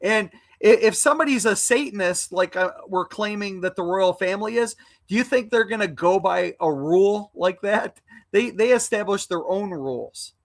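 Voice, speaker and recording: A man arguing heatedly on a livestream, insulting an opponent with loud bursts. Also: sits high, normal speed, no echo. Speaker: livestream debate panelist.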